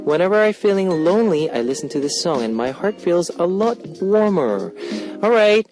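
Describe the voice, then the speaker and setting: Playful radio DJ man, lively pitch. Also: normal speed, music in the background. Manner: animated, playful, reads messages aloud. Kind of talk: radio show hosting, reading listener messages. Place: radio studio. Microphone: studio microphone.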